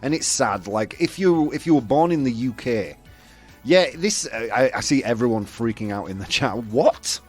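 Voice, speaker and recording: A young man from the UK hosts a casual chat show, his pitch bouncing up and down as he talks. He rambles, piling on fillers and restarts, with faint music underneath. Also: lively intonation, moderate pace, darkish tone, husky. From United Kingdom. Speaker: host.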